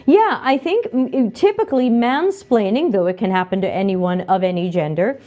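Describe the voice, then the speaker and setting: Animated woman hosting a livestream. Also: on the high side, normal speed. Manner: animated, emphatic, reads comments aloud. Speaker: livestream host reading chat. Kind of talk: casual livestream commentary.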